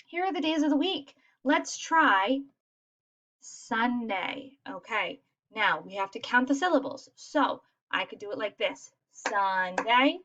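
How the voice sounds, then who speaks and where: A woman with a fairly high, very animated voice leads a lesson for young children. She talks in an encouraging classroom manner. The recording sounds muffled and lo-fi. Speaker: teacher. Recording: dull lo-fi recording.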